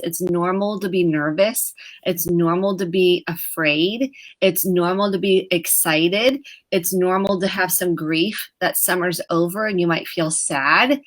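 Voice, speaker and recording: A woman therapist giving gentle, explanatory parenting advice on a live talk show, sometimes acting out quoted dialogue. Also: lowish voice. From United States.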